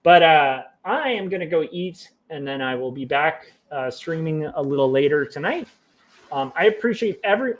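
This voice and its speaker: A man's voice: on the high side, lo-fi sound. Chatty man on a drawing livestream. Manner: wry, self-mocking, drifting into jokey quoted voices. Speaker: livestreaming comic artist. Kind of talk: casual chat to viewers while drawing.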